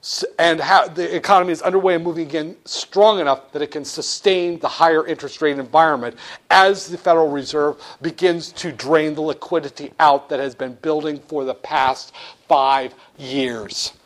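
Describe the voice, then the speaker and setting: A male economics instructor lecturing in an animated, blunt way, with jokey asides. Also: on the high side, moderate pace. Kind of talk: lecture with acted-out role-play.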